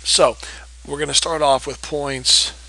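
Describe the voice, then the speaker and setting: A man's voice: a little high, fairly even intonation, takes it slowly, vocal fry, sharp tone, poor audio. A man teaching a recorded geometry lesson, patiently walking through problems and checking in with "okay?". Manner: patient, repeats key points with checks like "okay?". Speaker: math teacher.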